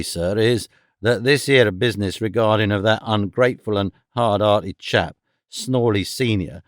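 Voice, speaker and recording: A man's voice: mid-range voice, no echo, studio quality, natural voice. A man reading an audiobook, voicing a shifty, fawning schoolmaster who talks in broad rustic grammar, evasive and wheedling. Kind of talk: audiobook character voice.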